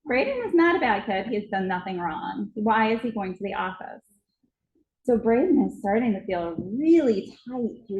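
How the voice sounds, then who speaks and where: At a conference hall, a woman gives a storytelling presentation, vividly recounting a story about a child and acting out its moments. Her voice is mid-range, heard in an echoey room through narrow, tinny audio.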